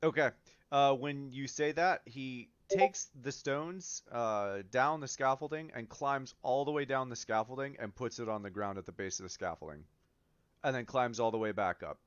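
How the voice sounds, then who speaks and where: A man narrating as game master of a tabletop game, relaxed and full of ums and uhs. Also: medium pitch, normal speed, clear, resonant tone, no room sound. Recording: dull lo-fi mic, dry.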